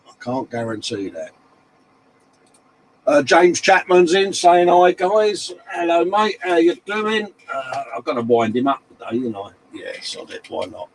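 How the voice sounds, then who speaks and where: A middle-aged man chats casually on a live stream, reading out viewer messages with matey banter. His pitch sits in a middle range. Faint background noise hangs behind him. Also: big pitch swings, measured pace, gravelly, rough recording. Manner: matey banter, reads viewer comments aloud. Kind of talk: casual chat.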